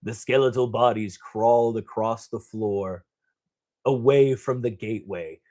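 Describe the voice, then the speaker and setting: A man's voice: on the low side, darkish tone. A man hosting a gaming channel, casually reading a novel aloud, stumbling over words and breaking off with joking asides.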